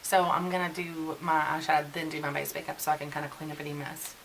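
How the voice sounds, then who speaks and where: A woman's voice: low-pitched, steady tone, fast, noisy background. A woman in her forties chatting casually and venting while doing a get-ready-with-me beauty vlog. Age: 40s. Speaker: beauty vlogger.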